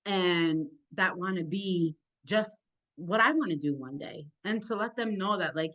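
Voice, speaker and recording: A young woman with a low, deep voice and a thick accent talks about her work. She sounds eager, grateful and animated, and her speech rushes forward in bursts. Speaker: sports podcaster and journalist. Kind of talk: casual interview answers.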